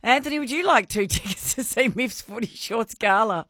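A woman hosting a live radio quiz, bubbly and quick to laugh. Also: fairly high pitch, a bit bright, no echo, clean studio sound.

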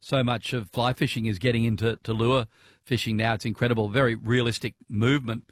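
A man's voice: medium pitch, fairly even intonation, brisk, no room sound. Australian male radio host, casual and chatty, dry close mic. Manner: chatty, laughs easily, lots of fillers.

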